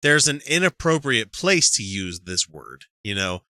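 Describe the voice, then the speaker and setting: Male podcast co-host from Utah, bright and lively, laughs a lot, dry close mic. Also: lowish voice, measured pace, no echo. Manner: animated, laughs often, restarts sentences. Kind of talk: casual comedic chat.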